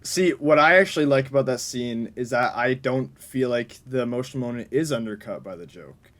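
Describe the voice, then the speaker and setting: A man's voice: medium pitch, a little fast, a bit bright. A man co-hosting a casual film review podcast, carefully laying out his reading of a scene. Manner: analytical, explains his point carefully. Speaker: podcast co-host.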